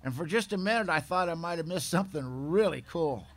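A man's voice: on the high side, animated, a little fast. A man giving a candid testimony. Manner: candid, confessional, plain-spoken. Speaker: speaker at a recovery meeting. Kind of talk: personal testimony storytelling.

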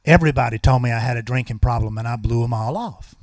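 A man's voice: medium pitch, fast, darkish tone, no echo, studio quality. A man, telling a personal recovery story at a meeting with folksy, wry humor.

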